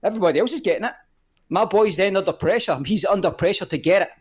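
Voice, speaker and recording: A man's voice: high-pitched, fast talker, breathy edge. A man, a guest on a live podcast, ranting heatedly and swearing often. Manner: fired up, swearing often, repeats "the whole point is".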